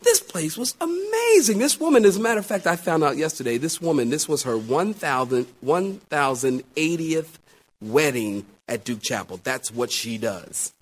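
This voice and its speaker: A middle-aged male pastor delivers a storytelling sermon in a notably high voice. His pitch leaps all over the place, full of animation. He shifts from loud exclamations to quiet, confiding asides. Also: big pitch swings, normal speed, slightly rough. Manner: storytelling with wide swings between loud exclamations and hushed asides.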